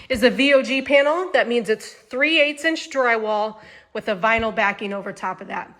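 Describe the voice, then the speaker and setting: A manufactured home sales host with a Midwestern American accent gives a casual indoor tour of a home. Her slightly high, fairly bright voice is chatty and enthusiastic, and she repeats phrases.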